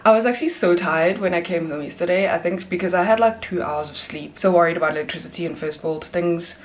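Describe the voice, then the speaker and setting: Woman, slightly low voice, casual rambling vlog chat, flight attendant. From South Africa. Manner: chatty, rambling, laughs easily.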